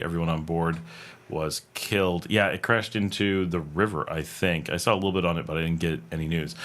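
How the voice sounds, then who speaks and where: Streaming casually from an air-conditioned room at home, an American man reads out viewer comments and thinks aloud as he answers, full of fillers and restarts. His voice is lowish and a bit bright.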